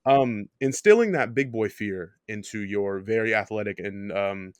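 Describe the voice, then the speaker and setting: A man's voice: fairly low pitch, a little slow, smooth, no echo. A young man co-hosting a sports podcast, rambling and joking with lots of ums. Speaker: podcast co-host. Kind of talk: casual sports podcast chat.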